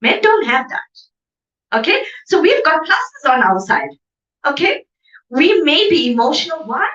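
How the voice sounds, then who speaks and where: A woman gives an emphatic motivational talk at a business seminar venue, often asking "okay?" to check the audience agrees. Her high voice is sing-song, a little slow and a bit bright, recorded with a distant mic in an echoey room that sounds dull.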